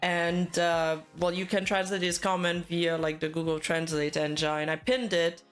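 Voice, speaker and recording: A woman's voice: fairly low pitch, level tone, moderate pace, soft background music. Rambling woman commenting casually. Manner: rambling, filler-heavy, self-correcting. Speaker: VTuber news commentator.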